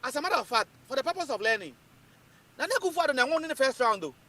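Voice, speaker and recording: A Ghanaian man holds forth on politics in a high voice that swoops up and down. He talks emphatically and keeps repeating his points. He drifts between English and Twi as he argues. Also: big pitch swings, rapid-fire, pushed and bright. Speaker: political commentator. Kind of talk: animated political talk.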